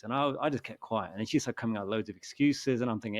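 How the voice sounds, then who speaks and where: A man hosts a relaxed podcast conversation. He talks at a mid pitch and a brisk, hurried pace. He tells his stories in an animated way. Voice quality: fast, animated storytelling. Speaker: podcast host. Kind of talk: casual chat.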